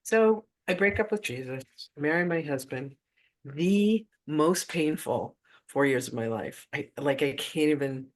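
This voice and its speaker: A man's voice: on the high side, unhurried. A man telling a personal spiritual story in a casual, chatty way, full of "like" asides. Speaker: spiritual teacher.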